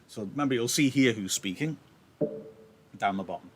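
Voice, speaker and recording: A man's voice: medium pitch, normal speed, slight background noise. A male teacher, chatty and apologetic, explaining a play on a livestream through his laptop, his throat a little sore. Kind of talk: livestreamed reading lesson with analysis.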